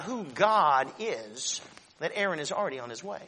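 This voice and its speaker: A man in his forties preaching a sermon, swinging between shouted proclamation and quiet, close talk. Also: a little high, very animated, moderate pace, in a large hall. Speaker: pastor.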